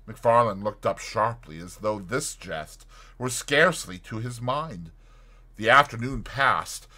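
A man reading a short story aloud as audiobook narrator, in a dramatic and expressive scripted narration. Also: mid-range voice, slow pace.

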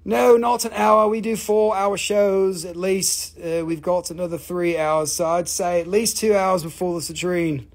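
A woman hosting a live online rock and mineral sale, talking excitably with lots of cursing and quick countdowns. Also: fairly low pitch. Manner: excitable, profane, rapid countdowns. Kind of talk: live online sales show.

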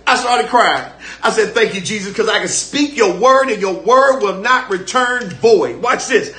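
A man's voice: high-pitched, lively intonation, brisk, bright, forceful tone, echoey room. An older man preaching a live-streamed sermon as pastor, fervent and repetitive, calling on listeners to respond.

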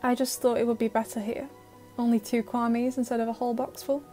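An earnest teenage boy hero, gentle and urgent by turns, pleading softly, as a woman reads him in an audio fan-fiction story. The voice sits fairly high, with faint music underneath. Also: flat delivery, a little fast, lightly acted.

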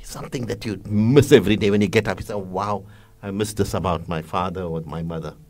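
A man interviews his guest in a measured, earnest tone, often pausing on fillers. His voice sits a little low. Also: darkish tone. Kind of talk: interview questions and religious reflection.

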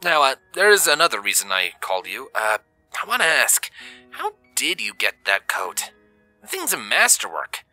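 A man voicing a caring young human father who talks gently and jokes warmly. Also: medium pitch, wildly swooping pitch, moderate pace, no room sound, faint music behind, voice pushed up, full character voice, rough recording. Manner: gentle, joking and warm. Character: warm caring young adult human dad.

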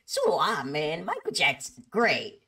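A man's voice: fairly high pitch, huge pitch swings, unhurried, vocal fry, pushed and bright, far from the mic, heavily acted. A woman quoting a cheerful, laid-back male costumed impersonator who calls everyone "man". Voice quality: easygoing, drawls "man".

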